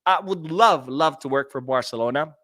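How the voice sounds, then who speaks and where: A man's voice: fairly high pitch, normal speed, pushed and bright, dry recording, clean studio sound. A man hosting a casual livestream podcast, reading out chat comments and answering them in a rambling way, repeating his words.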